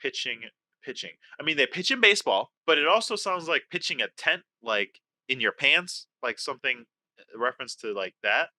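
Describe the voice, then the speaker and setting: A man's voice: a little high, lively intonation, fairly quick, pushed and bright. A man co-hosting a casual podcast, bursting into playfully exaggerated rants. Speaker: podcast co-host.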